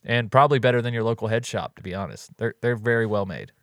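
A man's voice: lowish voice, quick pace, dry recording. A man co-hosting a podcast in a laid-back, chatty way, doing a casual ad read and talking with his co-host. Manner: laid-back, chatty, drifts into animated storytelling.

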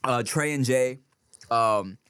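A man's voice: mid-range voice, slow, fairly bright tone, clean tone. A man co-hosting a casual podcast chat, often slipping into exaggerated slang impressions. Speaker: podcast co-host.

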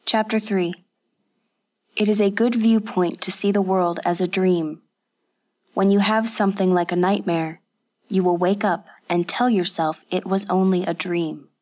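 A woman reading a story aloud in steady, measured narration. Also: medium pitch. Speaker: audiobook narrator. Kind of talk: scripted narration.

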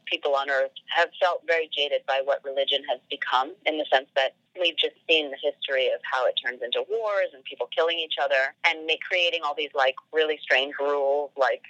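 Bright-voiced chatty woman telling a story. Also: deep voice, brisk, hardly any pauses, dry recording, muffled recording. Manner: chatty, full of "like" fillers, acts out quoted dialogue. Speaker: podcast guest. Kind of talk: casual storytelling.

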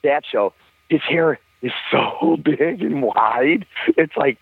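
A man's voice: on the high side, slow, creaky, husky, dry recording. Older man rambling over a tinny phone line. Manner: rambling, profane, laughing often. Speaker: musician guest. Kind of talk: casual storytelling.

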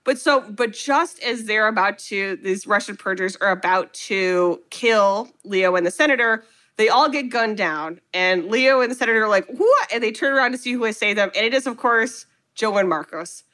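A woman co-hosting a casual chat, recapping a film with animated storytelling and acted-out quotes. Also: mid-range voice, moderate pace. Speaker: podcast co-host recapping a film.

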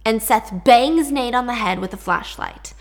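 A woman's voice: fairly high pitch, moderate pace, creaky. Chatty woman retelling a story. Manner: chatty, animated, swearing. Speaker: podcast host. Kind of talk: casual story recap.

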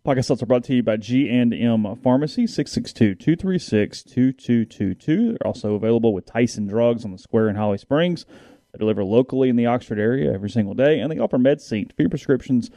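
A chatty man hosts a sports podcast, rambling loosely through game recaps. His voice is warm and mellow, recorded dry and close. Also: mid-range voice, lively intonation, fast talker, no room sound. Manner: rambling, chatty, with frequent restarts. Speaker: sports talk podcast host. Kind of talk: casual sports chat and sponsor reads.

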